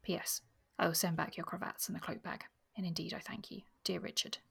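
A woman's voice: lowish voice, fairly even intonation, fairly quick, gravelly, a bit bright, breathy edge. A woman reading passages from a novel aloud with expression, sometimes dropping almost to a whisper, and talking about the book.

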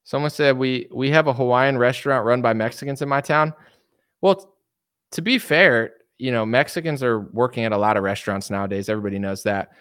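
A man's voice: medium pitch, fairly quick, a bit bright, clean tone, dry recording, studio quality. A young man hosting a livestream, talking casually and animatedly, rambling and mimicking imagined people. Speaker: streamer host.

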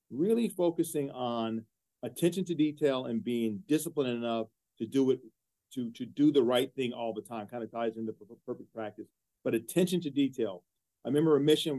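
A male interview guest with a mid-pitched voice. He gives earnest, discursive answers and often repeats himself and pauses on fillers. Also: mellow. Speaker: guest, university executive.

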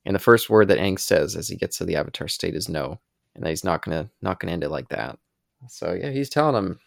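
A man's voice: deep voice, expressive, fast, vocal fry, dry recording, clean studio sound. A man co-hosting a podcast, casually recapping scenes of a cartoon in long descriptive runs. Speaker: podcast co-host.

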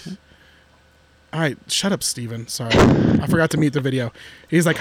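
A man co-hosting a podcast in casual chat, joking and excitable, talking in restless bursts. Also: fairly high pitch, a little fast, long pauses, very noisy. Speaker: podcast co-host.

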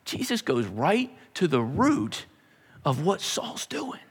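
A man's voice: on the high side, slow pace, breathy edge. Pastor guy preaching, voice jumps all over, big echoey church hall. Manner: animated storytelling, repeats words when building up. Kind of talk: sermon.

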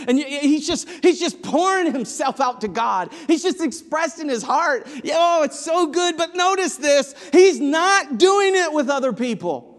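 High-voiced preacher in a reverberant hall. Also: male voice, lively intonation, moderate pace, hardly any pauses. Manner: swings from loud emphatic to low hushed delivery. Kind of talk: sermon.

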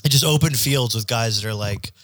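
A young man rambles through crude, jokey stories as a podcast host. His voice sits in an ordinary middle pitch. The sound is dry and close, with no room around it. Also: brisk, a bit bright, no echo. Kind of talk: casual chat.

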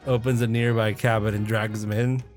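A man's voice: on the low side, flat delivery, measured pace, a little mellow, faint music behind. A man playing a tabletop role-playing game, laid-back, laughing often. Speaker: player.

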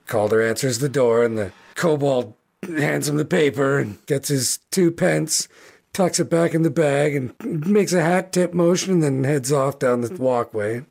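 A man's voice: mid-range voice, a little slow, gravelly, a little mellow. A man narrating as game master, rambling with many fillers and restarts.

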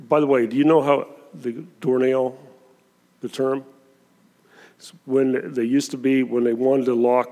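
A man with a gravelly, mid-pitched voice preaches in an easy, conversational way, leaning dramatically into the verses he quotes. His words ring with the long reverb of a church hall. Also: warm tone. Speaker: pastor. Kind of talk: sermon.

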